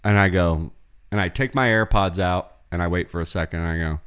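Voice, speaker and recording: A man co-hosting a podcast, telling a long, profane, animated story in casual chat. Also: deep voice, a little fast, a little hiss or hum. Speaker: podcast co-host.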